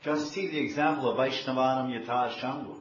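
Animated male preacher in an echoey room. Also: medium pitch, brisk. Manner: animated, repeats himself, asks the audience questions. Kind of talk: devotional sermon with storytelling. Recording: dull echoey room, faint hiss.

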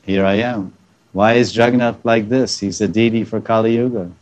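Guy with a lowish voice giving a devotional talk, laughs at his own jokes, does little voices for quotes. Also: fairly even intonation, normal speed, darkish tone. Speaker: spiritual teacher. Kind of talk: devotional lecture.

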